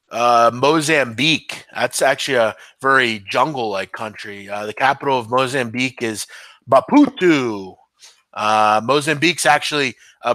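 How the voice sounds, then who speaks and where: A podcast host chats loosely with his live-stream viewers, answering in a rambling, hesitant manner full of ums and restarts. His lowish voice is pushed and bright, with no room sound.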